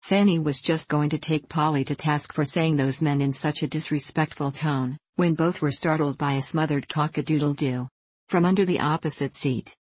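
A woman narrating a classic novel in a measured, steady reading voice. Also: deep voice, breathy edge, dry recording. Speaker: audiobook narrator.

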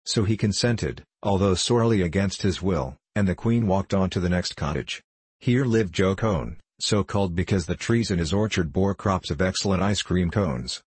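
A man reads a children's fantasy book aloud, keeping an even, steady storytelling pace. His voice is very low and husky. The recording is dry and close, with no room sound. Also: moderate pace, no room sound. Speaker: narrator. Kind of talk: audiobook narration.

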